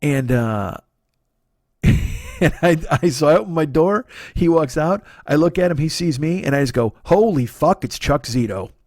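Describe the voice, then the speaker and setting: A man's voice: fairly high pitch, lively intonation, moderate pace, darkish tone, no echo. A man talks alone into a close mic in a comedy podcast monologue. He rambles, curses freely and mocks himself, and the sound is dry with no room around it. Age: 40s. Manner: profane, self-deprecating, rambling. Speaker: podcast host.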